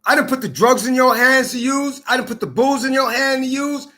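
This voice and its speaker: A man with a high, bright voice, ranting bitterly straight at the camera. He accuses, swears and circles back to the same lines again and again, with a raw, personal edge. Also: a little fast. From Minnesota. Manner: bitter, accusing, repetitive, profane. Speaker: vlogger. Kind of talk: angry personal rant to camera.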